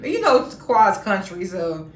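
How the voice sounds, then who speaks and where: A chatty woman recaps a reality TV episode in a loose, casual way and laughs often as she retells it. Her voice sits at a middle pitch. The room around her adds a noticeable echo. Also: big pitch swings, measured pace. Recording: roomy echo.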